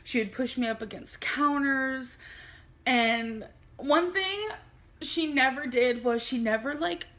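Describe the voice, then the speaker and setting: A young adult woman telling a personal story on her vlog, speaking candidly and haltingly with many fillers. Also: high voice, a bit bright. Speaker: vlogger.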